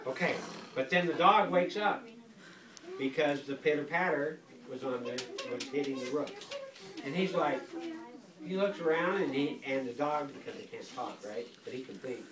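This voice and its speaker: An older grandfather reading a picture book aloud to a school class in a playful, animated way, stopping often to quiz the children. He is recorded from across an echoey classroom full of kids. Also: mid-range voice, normal speed, recorded from a distance, a crowd in the background. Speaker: guest reader, grandfather.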